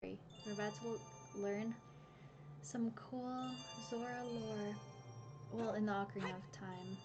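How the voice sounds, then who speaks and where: A young woman streaming games, chatting casually with her viewers, excitable and quick to swear, gasp and shriek. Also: mid-range voice. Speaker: game streamer. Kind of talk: casual live-stream chat. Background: faint game music.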